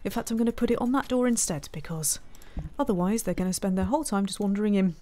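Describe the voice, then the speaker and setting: A woman's voice: mid-range voice, fast, dark tone. Woman muttering through a game. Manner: chatty, talks to herself, mutters frustrated asides. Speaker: game streamer. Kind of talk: casual let's-play commentary.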